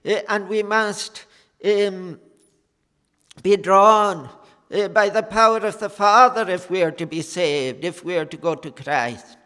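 A man preaching a sermon in an earnest, unhurried way, pausing often with fillers. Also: high-pitched, bright, forceful tone, smooth, big-room sound. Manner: slow, earnest preaching with many pauses and fillers.

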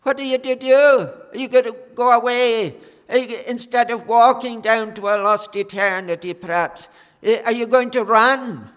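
A man preaching a sermon in an earnest, unhurried way, pausing often with fillers. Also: extremely high pitch, fairly even intonation, a bit bright, smooth, big-room sound. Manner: slow, earnest preaching with many pauses and fillers.

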